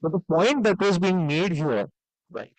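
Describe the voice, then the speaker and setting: A man with a high, sing-song voice delivers a conference keynote in a conference hall, unhurried and conversational, with frequent "right?" tags and "uh" fillers. There's no echo, but the recording is rough.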